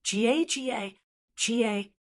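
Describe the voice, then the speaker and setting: A woman's voice: fairly high pitch, a little slow. A woman voicing a boastful, cowardly talking female blackbird in an audiobook, whiny and indignant, with squawking cries. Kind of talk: audiobook character voice.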